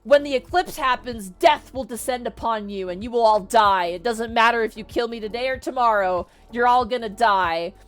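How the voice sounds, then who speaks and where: A woman's voice: fairly high pitch, normal speed, hardly any pauses, a bit bright, close to an everyday voice. A woman voicing a gloating, sneering male robot prisoner who taunts his captors. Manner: sneering, insulting.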